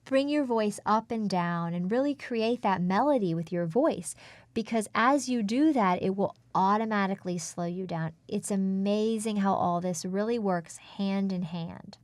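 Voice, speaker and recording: A woman speech coach in an interview, explaining speaking technique in a measured, instructive way. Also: mid-range voice, no echo.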